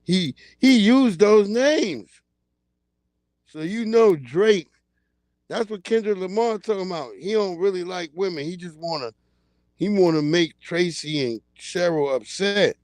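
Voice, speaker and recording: A man hosting a livestream, chatting in a casual comedic way, laughing often and acting out loud yelled quotes. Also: high-pitched, lively intonation, unhurried, no echo. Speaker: livestream host.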